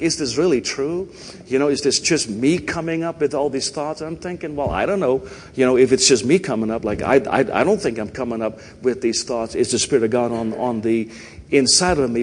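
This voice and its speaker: A man's voice: medium pitch, long reverb tail, slight background noise. A man with a Canadian accent preaching a sermon in a church, chatty and conversational, often checking in with "right?" and "you know". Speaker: pastor. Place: church sanctuary.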